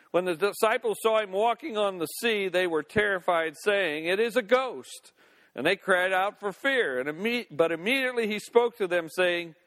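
A man's voice: high voice, fairly bright tone. A man preaching a sermon in a folksy, playful way with laughing asides, recorded in a church sanctuary. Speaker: pastor. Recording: long reverb of a church hall.

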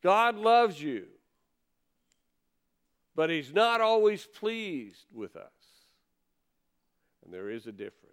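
A man delivers a sermon in a smooth, resonant voice that sits a little high for a man. He talks to the congregation conversationally and leans hard on key words for emphasis. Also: big pitch swings, slow pace, long pauses. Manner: conversational preaching with emphatic stresses. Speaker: pastor.

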